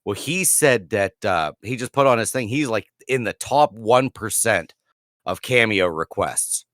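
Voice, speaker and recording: A man's voice: fairly low pitch, animated, unhurried, a bit bright, no room sound, studio quality. A man co-hosting a podcast, telling rambling stories in casual chat with restarts and laughs. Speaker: podcast co-host.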